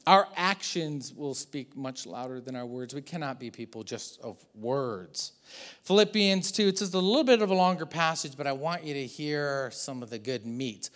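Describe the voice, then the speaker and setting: A man preaching a church sermon, animated and joking, acting out little asides as he goes. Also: medium pitch, normal speed. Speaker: pastor.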